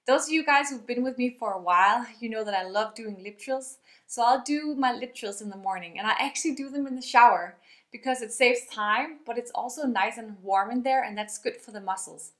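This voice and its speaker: A young woman teaching vocal health in a lively, upbeat way, talking straight to her viewers. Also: on the high side, a little fast, echoey room. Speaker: singing teacher.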